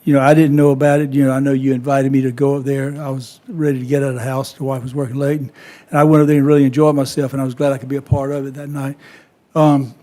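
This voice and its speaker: A man, a county council member speaking in a halting, conciliatory way at a meeting. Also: medium pitch, flat delivery, mellow.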